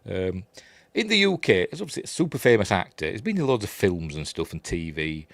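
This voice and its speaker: A man's voice: low voice, big pitch swings, fairly quick, a bit bright, dry recording. A middle-aged man with a Yorkshire accent hosts a casual live review, chatting, reading viewer messages and laughing at his own jokes. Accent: Yorkshire English. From Yorkshire, England. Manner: reads out viewer chat messages. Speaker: host of a livestream review show.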